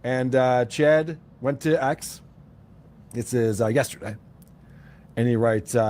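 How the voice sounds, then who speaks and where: A man's voice: medium pitch, takes it slowly, long pauses, darkish tone. Wry man recapping online drama. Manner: wry, exasperated recap, reading out messages with hesitant uhs. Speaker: commentary channel host. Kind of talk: drama commentary.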